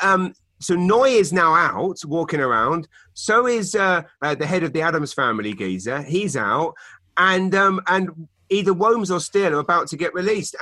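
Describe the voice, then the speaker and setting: A man co-hosting a podcast, chatting casually and telling animated stories full of fillers and restarts. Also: high voice, no room sound. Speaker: podcast co-host. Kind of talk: casual chat. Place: home in Canada.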